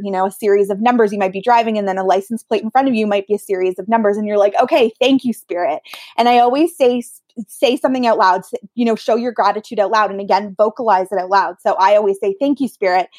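In a dry, studio-quality recording, a medium-pitched woman speaks as a guest. She works as a medium and tells stories in a casual interview, animated and acting out the voices she quotes.

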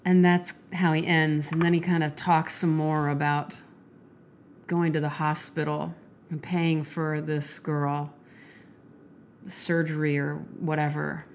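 A woman hosting a casual solo podcast while sick with a stuffy nose, chatty, self-deprecating and quick to apologize, swearing casually. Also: sits low, fairly even intonation, a little hiss or hum. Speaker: podcast host.

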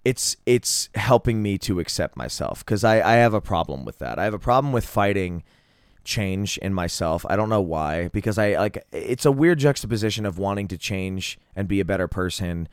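Deep-voiced man gushing about music. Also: animated, normal speed, clean tone, no echo, clean studio sound. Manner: enthusiastic, rambling, swears freely. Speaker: podcast host. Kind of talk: casual solo music review.

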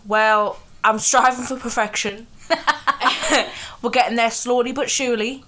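A woman's voice: a little high, unhurried, fairly bright tone. A woman in her twenties with a slight lisp from new braces, co-hosting a podcast in casual chat and laughing at herself. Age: 20s. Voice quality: slightly lispy. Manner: chatty, self-mocking, laughs often. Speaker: podcast co-host.

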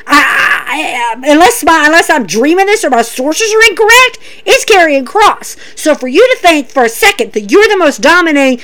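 A woman's voice: high-pitched, very animated, normal speed, few pauses, fairly bright tone. A woman hosting a casual recap show, emphatic and sarcastic, repeating phrases for effect. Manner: sarcastic, mocking asides. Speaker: wrestling recap host.

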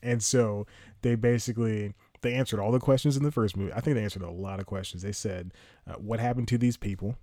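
A podcast host talks quickly in a lowish, mellow voice with fairly even intonation, recorded dry in studio quality. His casual movie chat rambles and stops short repeatedly, punctuated by frequent chuckles.

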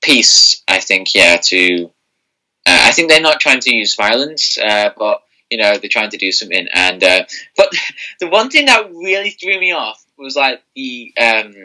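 A man's voice: mid-range voice, sing-song, measured pace, bright, forceful tone, poor audio. A man co-hosting a podcast in casual chat, rambling with many fillers and restarts. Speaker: podcast co-host.

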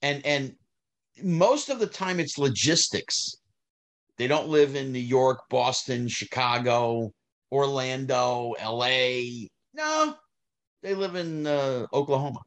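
A middle-aged man, telling stories in a casual interview, animated, climbing high when heated and trailing off low. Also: slow. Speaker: guest, former child actor.

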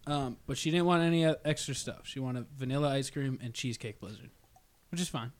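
A man's voice: medium pitch, fairly quick. A man co-hosting a casual podcast, telling a funny story with laughter and acting out both sides of the dialogue. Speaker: podcast co-host.

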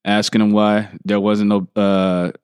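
A man hosting a podcast, telling stories in a relaxed, blunt way. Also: on the low side, a little slow, clean tone, dry recording. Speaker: podcast host. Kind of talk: casual chat.

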